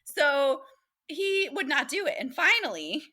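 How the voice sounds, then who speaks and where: A woman's voice: sits high, very animated, unhurried, sharp tone. A woman, animatedly telling dating stories as a guest in a casual interview and acting out the voices of the people she quotes.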